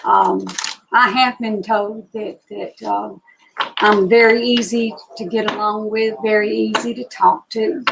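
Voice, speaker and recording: Background noise sits under her medium-pitched, lively voice with its touch of vocal fry. The Alabama woman, in her sixties, chats casually with viewers of her live psychic reading stream, greeting them by name in a slow Southern drawl.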